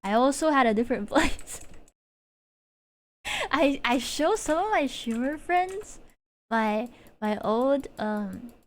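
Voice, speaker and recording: A woman with a notably high voice chats casually on a home stream. She wanders between thoughts, giggles often and restarts sentences. It sounds like an easy, unscripted ramble into a desk mic. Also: animated, takes it slowly, pauses often. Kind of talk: casual chat while streaming.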